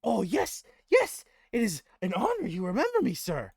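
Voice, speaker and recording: A man voicing an excitable, humble little male goblin who talks in broken grammar. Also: moderate pace, vocal fry, husky, dry recording, clean studio sound, heavily acted. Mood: gushing. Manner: squeaky, broken grammar, gushing. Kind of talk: tabletop role-play voice.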